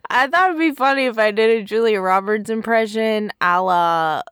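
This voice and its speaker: A woman's voice: mid-range voice, moderate pace, fairly bright tone, clear, resonant tone, dry recording, studio quality. A young-sounding woman co-hosting a podcast in casual comedic chat, playful and teasing, often breaking into giggles. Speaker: podcast co-host.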